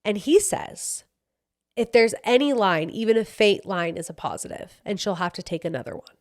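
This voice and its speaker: A young woman hosting a podcast, telling a personal story in a casual, animated way, acting out the dialogue and swearing freely. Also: mid-range voice, moderate pace. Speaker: podcast host.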